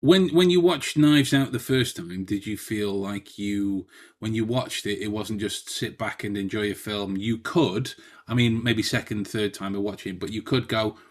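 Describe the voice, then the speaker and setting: A man's voice: on the low side, normal speed. An English man co-hosting a podcast, chatting playfully with many stammering restarts. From England. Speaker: podcast co-host. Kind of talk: casual chat.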